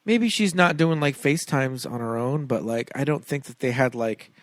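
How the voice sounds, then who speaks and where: A man's voice: mid-range voice, normal speed, dry recording, clean studio sound. A man co-hosting a podcast in casual chat, laughing often and slipping into silly voices. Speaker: podcast co-host.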